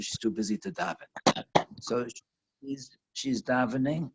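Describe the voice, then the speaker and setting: A man teaching a lesson over a video call, telling a story in a halting way with lots of restarts and fillers. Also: medium pitch, vocal fry, darkish tone, slight background noise, low-quality recording. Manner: halting, repeats words, many fillers.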